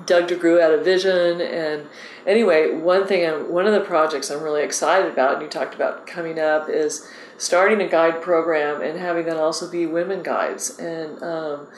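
A woman fishing guide, excitable and animated, telling stories in a casual interview. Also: low-pitched, moderate pace, echoey room, a little hiss or hum, poor audio.

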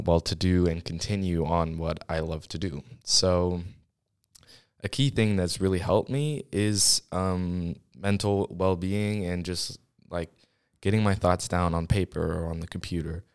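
A man's voice: low-pitched, darkish tone, smooth, dry recording, studio quality. Breathless young man on a podcast. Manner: rambling, restarts often, short of breath. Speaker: podcast host. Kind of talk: casual solo podcast chat. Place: small school podcast studio. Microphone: studio microphone.

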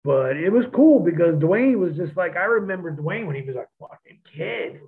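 A man with a fairly high voice tells rowdy stories, swearing freely and acting out what others said. The sound is thin and tinny, like a phone line. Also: moderate pace. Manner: profane, animated, acts out quotes of others. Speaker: podcast guest, former wrestler. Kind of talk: casual storytelling.

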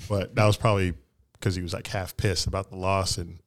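A man's voice: sits low, level tone, fairly quick. A man co-hosting a fan sports podcast, talking loosely with swearing and trailing phrases. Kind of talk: casual sports chat.

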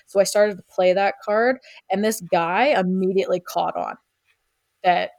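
A woman's voice: mid-range voice, normal speed, vocal fry. A young woman casually telling a long personal story, swearing often and acting out what others said. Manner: animated, acts out quotes of others. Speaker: guest storyteller.

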